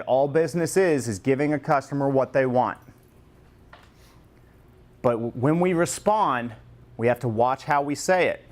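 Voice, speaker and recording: A man leading a staff training session in a room with a group, lively and joking, acting out customer lines as examples. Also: fairly high pitch. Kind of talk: classroom training talk.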